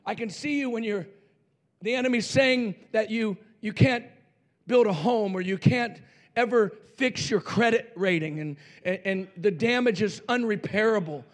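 A male pastor preaching a sermon fervently, swinging between loud shouts and near-whispers. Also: high voice, moderate pace.

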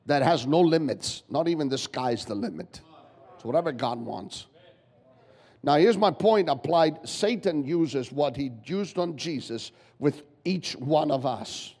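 A guest pastor preaching a sermon, emphatic and repetitive, firing rhetorical questions at the congregation. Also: male voice, a little high, animated, measured pace, darkish tone, breathy edge. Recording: long church hall reverb.

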